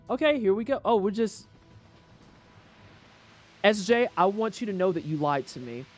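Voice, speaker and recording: A woman's voice: medium pitch, lively intonation, normal speed, pauses often, a little mellow, soft background music. A woman streaming a game, talking casually and ranting with profanity and quoted voices. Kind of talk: casual livestream commentary.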